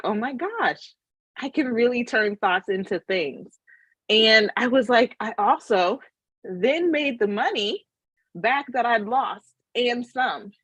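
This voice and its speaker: A woman's voice: fairly high pitch, a bit bright, dry recording. Earnest woman on a muffled webinar. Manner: earnest, emotional storytelling with fillers. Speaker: webinar speaker, money mindset coach. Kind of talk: casual motivational webinar talk.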